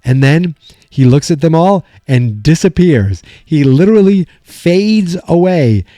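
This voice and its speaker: Young male podcast host, loose animated recap delivery, warm low-key tone, dry sound. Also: measured pace, no echo. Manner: rambling, animated retelling with quoted lines. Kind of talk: casual episode recap.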